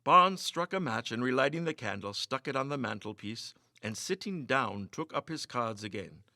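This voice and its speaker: A man reading a ghost story aloud with expressive, theatrical narration. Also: mid-range voice, normal speed, creaky, no echo, clean studio sound. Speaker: reader.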